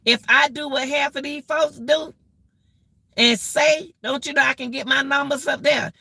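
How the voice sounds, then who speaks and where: A woman's voice: sits high, steady tone, moderate pace, creaky, sharp tone, no room sound. A middle-aged woman hosting a casual live-stream rant, exclaiming and repeating herself as she talks straight to her viewers.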